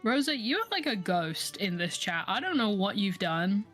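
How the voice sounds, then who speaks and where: A woman's voice: medium pitch, very animated, moderate pace, fairly bright tone, soft background music. A woman co-streamer in casual live-stream chat, joking and self-mocking, laughing often.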